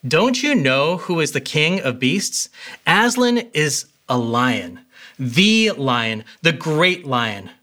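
A man's voice: fairly high pitch, big pitch swings, takes it slowly, sharp tone, exaggerated voice. A man voicing a stern, insistent male talking beaver from a storybook reading. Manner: emphatic, insistent.

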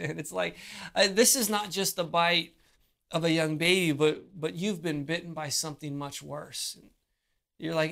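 A preacher delivering a sermon, pausing often and repeating words as they build each point. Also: mid-range voice, steady tone, pushed and bright. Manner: slow, deliberate delivery with frequent repeated words and pauses.

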